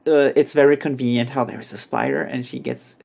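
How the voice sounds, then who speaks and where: Podcast co-host, casual recap, animated storyteller, acts out character voices. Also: mid-range voice, a little fast, creaky. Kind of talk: casual chat recapping a chapter.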